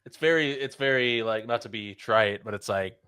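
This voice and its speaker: A young man talking in a relaxed, easygoing way on a podcast, with a bright, forward tone. The sound is close and dry, with no room around it. He laughs often and leans on casual slang. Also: medium pitch, normal speed, smooth, no echo. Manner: laid-back, laughing, says "dude" and "like" often. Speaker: podcast co-host. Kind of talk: casual chat.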